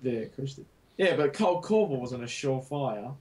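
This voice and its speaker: Husky young guy gaming. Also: medium pitch, expressive, fairly quick, darkish tone. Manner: rambling, swearing, stumbling restarts. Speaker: gamer. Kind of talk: casual chat while gaming.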